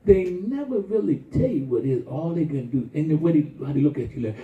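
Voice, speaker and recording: Animated older preacher, echoey distant sound. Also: male voice, brisk, phone-quality sound. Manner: animated colloquial preaching with sudden high-pitched exclamations. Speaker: pastor. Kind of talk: sermon.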